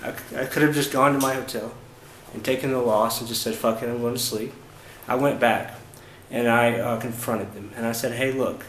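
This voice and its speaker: A travel vlogger with a mid-range voice shares a relaxed, meandering first-person story about a trip. He frequently halts on fillers and begins sentences again, recorded in a reverberant room with a faint background hum.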